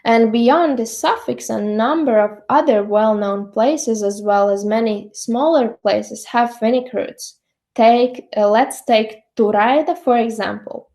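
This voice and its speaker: A woman's voice: a little high, warm tone. A young woman with a Latvian accent giving a slide lecture, with frequent ums and uhs. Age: young adult. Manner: many ums and uhs, measured.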